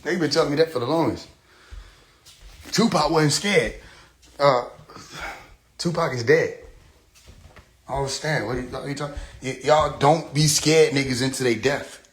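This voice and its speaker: A man rants casually into his phone during a livestream, voice at an ordinary middle pitch. He talks loose and animated, swears freely and keeps cracking himself up at his own jokes. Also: normal speed, long pauses, slight background noise. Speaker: live streamer.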